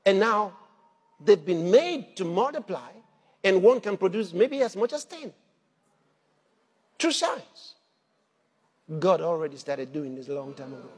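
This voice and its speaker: High-voiced preacher in an echoing hall. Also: male voice, husky. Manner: animated, shouting at peaks, laughing between points. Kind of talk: sermon. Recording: long hall reverb.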